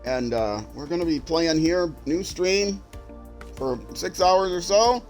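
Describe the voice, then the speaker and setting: This game streamer is a middle-aged man with a Minnesota accent whose voice sits on the high side, expressive and a little mellow, moving at a slow pace. Tired and rambling, he talks through live gameplay in a chatty, self-mocking way, tripping over his words, with faint music in the background.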